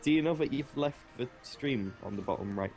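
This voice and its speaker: Modest guest on a voice call. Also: male voice, medium pitch, lively intonation, brisk, a little mellow, faint music behind. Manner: modest, laughs often, short agreeing replies. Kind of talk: casual voice-call chat.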